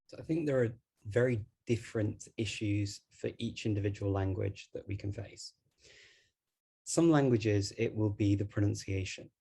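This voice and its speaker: A man's voice: fairly low pitch, normal speed, gravelly, mellow, slightly rough. A man with a Scouse Liverpool accent, giving an online talk in a chatty way and laughing between points. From Liverpool, England. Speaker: guest speaker on language learning.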